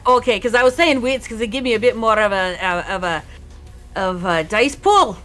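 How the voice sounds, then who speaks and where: A woman's voice: on the high side, moderate pace, fairly bright tone, faint music behind. A woman playing in a tabletop game, bantering and teasing the storyteller. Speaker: player.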